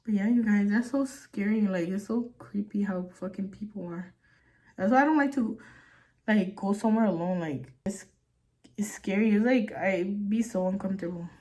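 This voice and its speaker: A woman's voice: medium pitch, normal speed, darkish tone. A young woman vlogging, telling a story while doing her makeup, chatty and full of fillers, swearing casually.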